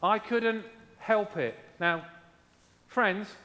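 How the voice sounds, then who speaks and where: A man's voice: sits high, very slow, bright, forceful tone, in a large hall. A man preaching a sermon as pastor, emphatic, repeating key lines and asking his congregation how they are doing.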